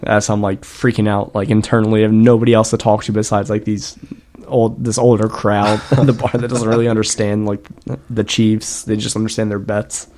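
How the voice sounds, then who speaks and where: A man's voice: on the low side, level tone, a little fast, a little mellow. A man co-hosting a podcast in casual chat, telling rambling, profane stories and laughing often. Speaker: podcast co-host.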